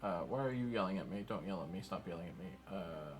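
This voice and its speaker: With a low voice, lively intonation and a quick pace, this streamer codes on camera while talking to himself. He tells off his code, pokes fun at himself, and laughs along with his viewers in easygoing chat.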